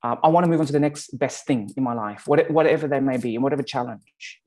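A man with an Australian accent giving a conversational sermon, often pausing to check in with his listeners. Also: mid-range voice, darkish tone. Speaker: pastor.

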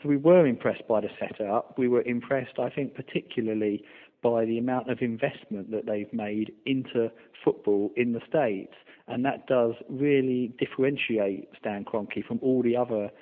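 A man being interviewed as a guest, speaking in a measured, formal way. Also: mid-range voice, fairly even intonation. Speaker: guest, supporters' trust representative. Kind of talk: phone interview. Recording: tinny phone line.

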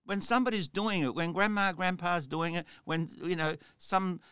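Male podcast host, middle-aged, bright slightly raised voice, earnest rambling motivational delivery. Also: sits high, moderate pace, smooth, no room sound, studio quality. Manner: rambling, earnest, heavy use of "you know". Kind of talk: solo motivational podcast talk.

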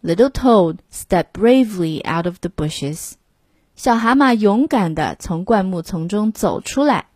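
A woman narrating a bilingual children's storybook with a breathy voice and an expressive, slow reading. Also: mid-range voice, no echo.

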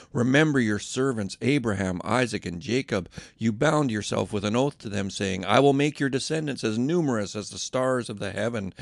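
A man's voice: medium pitch, creaky, dry recording, lightly acted. A man voicing Moses in a Bible reading, impassioned, urgent and pleading. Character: Moses, older male prophet, earnest and pleading.

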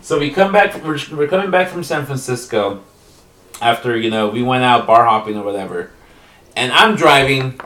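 A man telling a story in casual chat, animated and full of slang, in a roomy, off-mic recording. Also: mid-range voice, moderate pace, far from the mic. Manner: animated, slangy, acts out the characters. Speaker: podcast co-host.

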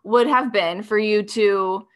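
A woman with a mid-pitched voice hosts a podcast conversation. She asks reflective questions and affirms her guest. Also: steady tone, slow. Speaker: podcast host. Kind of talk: conversational interview.

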